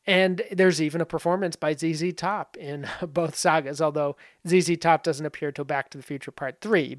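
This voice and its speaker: A man's voice: a little high, no echo, clean studio sound. A man casually talking through film comparisons, rambling with many fillers and asides. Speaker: film commentary host. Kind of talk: casual spoken film analysis.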